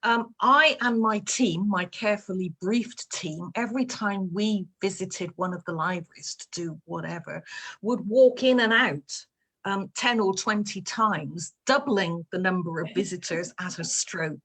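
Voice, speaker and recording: A woman's voice: medium pitch, unhurried, fairly bright tone, breathy edge. A woman from England, an author chatting casually about her life and work, telling playful stories with plenty of fillers. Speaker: author answering reader questions. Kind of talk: casual chat.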